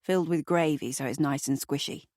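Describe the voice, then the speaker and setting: A cheerful, jokey British man, his voice low-pitched and dry. A woman reads him in an audiobook. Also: fairly even intonation, brisk, a little mellow, no room sound, natural voice. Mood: jovial.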